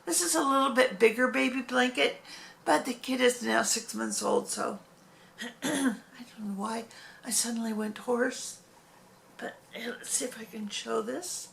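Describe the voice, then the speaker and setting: Rambling hobby vlogger woman, fairly high voice, talks slowly, chatty and self-correcting. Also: vocal fry, a bit bright, slight background noise. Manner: rambling, corrects herself mid-sentence. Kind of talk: casual show-and-tell chat.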